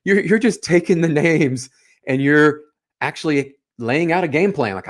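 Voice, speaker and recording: A man's voice: a little high, lively intonation, moderate pace. A man hosting a casual interview show, enthusiastic and affirming toward his guest. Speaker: host.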